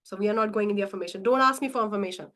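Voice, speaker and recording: A woman coaching a live online session, animated and emphatic, firing rhetorical questions at her audience and repeating her key points. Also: mid-range voice, rapid-fire. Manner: acts out inner voices dramatically. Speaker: money mindset coach.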